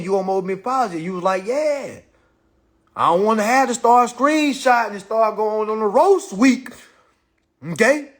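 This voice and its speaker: A man's voice: high voice, fairly bright tone, husky. A man hosting a casual phone livestream, talking in a boastful, repetitive, profane way. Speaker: livestream host.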